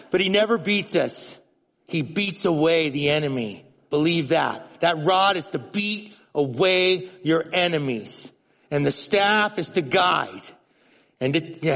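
A man preaching a sermon in an animated way, often restarting words and swinging between loud, emphatic lines and hushed ones. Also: fairly high pitch, unhurried, vocal fry, in a large hall. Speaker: pastor.

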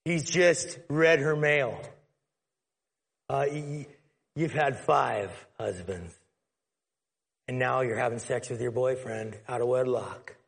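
A man's voice: medium pitch, slow pace, gravelly, pauses often, husky. A man preaching a conversational sermon, retelling a Bible story and acting out its characters. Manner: conversational, storytelling, acts out the scene. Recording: long hall reverb.

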